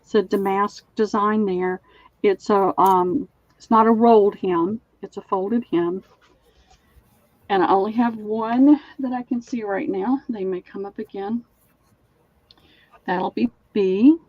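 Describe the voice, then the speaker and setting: A woman's voice: mid-range voice, fairly even intonation, takes it slowly, a little mellow, no room sound, lo-fi sound. A woman with a Southern accent hosting a live online sale, chatting as she describes linens in detail. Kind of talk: live-stream selling chat.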